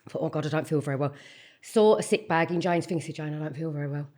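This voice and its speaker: A middle-aged woman, telling animated stories in casual chat and swearing freely. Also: low voice, racing. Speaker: guest.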